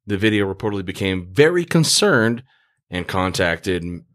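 Tired low-voiced man reading news. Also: sing-song, moderate pace, a bit bright. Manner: stumbles over words while reading. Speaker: podcast co-host reading news. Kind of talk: casual chat and reading articles aloud.

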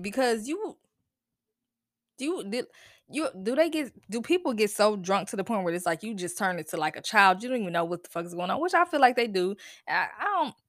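A woman's voice: mid-range voice, fairly bright tone, no echo, studio quality. A woman hosting a podcast in casual chat, talking with profane exasperation and often breaking into laughs and sighs. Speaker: podcast host.

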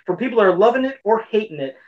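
A man co-hosting a relaxed podcast chat keeps looping back over the same points in an earnest, meandering way. He races along in a high, animated voice, and the audio has its high frequencies cut off.

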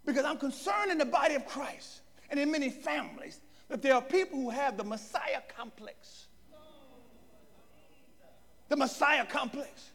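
A preacher man with a very high, gravelly voice delivers his sermon with emphatic bursts of shouting. His pitch swings widely, and the long reverb of a hall rings behind him. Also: lively intonation, moderate pace.

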